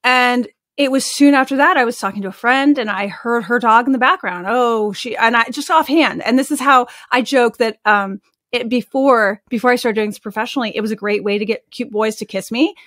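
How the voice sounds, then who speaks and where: Her somewhat high voice moves briskly through casual, chatty stories as she sits in as an interview guest on a podcast, dropping "like" again and again. The recording is close and dry, free of any echo.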